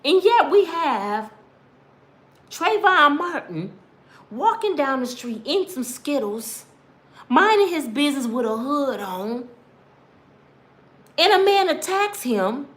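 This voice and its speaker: The voice is high-pitched, fairly bright, and very animated, though the pace is slow with long pauses. A woman in her fifties passionately tells her own story in a preachy, emphatic monologue, addressing listeners head-on and acting out what other people said.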